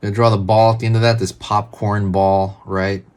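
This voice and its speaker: A man's voice: fairly low pitch, normal speed, clear, resonant tone. Laid-back man narrating his drawing strokes. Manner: relaxed, chatty, narrates each pen stroke. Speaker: drawing tutorial host. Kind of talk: casual step-by-step drawing instruction.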